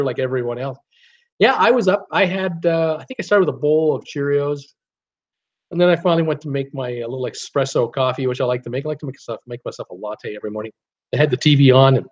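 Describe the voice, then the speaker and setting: A man's voice: mid-range voice, darkish tone. Man, middle-aged, chatty live-stream host, rambly with lots of fillers, slightly muffled lo-fi sound. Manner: rambling, frequent "uh" and restarts, upbeat replies to viewers. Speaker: YouTube channel host reading live chat. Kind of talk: casual live-stream chat.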